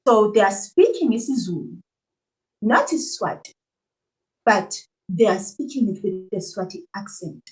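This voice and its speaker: A woman's voice: medium pitch, lively intonation, measured pace, rough recording. A young adult South African woman talking animatedly as a podcast guest, laughing often and restarting her sentences. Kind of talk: conversational interview.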